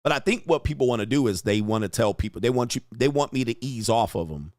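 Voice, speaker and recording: A man's voice: mid-range voice, expressive, fast talker, no echo, clean studio sound. Brash profane man ranting to chat. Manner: brash, profane, loud rants with laughter. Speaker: online talk show host reading chat. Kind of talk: casual live-stream commentary.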